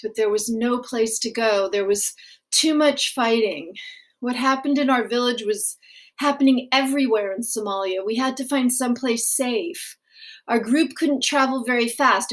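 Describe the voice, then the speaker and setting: A woman reading a graphic novel aloud, in a gentle, unhurried storytelling manner. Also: on the high side. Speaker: audiobook reader.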